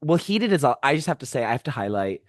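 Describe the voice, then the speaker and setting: A young man co-hosting a pop music podcast, chatting playfully with sudden high-pitched jumps for emphasis. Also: big pitch swings, fast talker, no room sound, clean studio sound. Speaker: podcast co-host. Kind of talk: casual chat.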